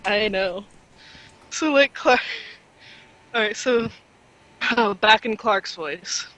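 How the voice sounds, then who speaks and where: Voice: mid-range voice, takes it slowly, sharp tone, rough recording. A tabletop game player chatting casually, stepping in and out of character, prone to giggling and restarting sentences. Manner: giggly, talks in restarts and fillers.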